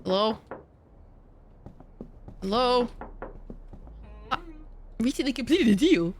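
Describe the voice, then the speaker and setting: A woman's voice: a little high, lively intonation, takes it slowly, a little hiss or hum. A young woman streaming a game, chatting casually with a friend, joking crudely and swearing freely. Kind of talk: casual gameplay chat with a co-op partner.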